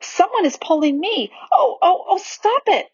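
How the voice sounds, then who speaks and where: A woman's voice: a little high, sing-song, measured pace, husky, no room sound, pitched above the performer's own voice, full character voice. A woman voicing Susan, a sensible older schoolgirl with a lifted, pleading voice, in a dull, dry recording. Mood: distressed.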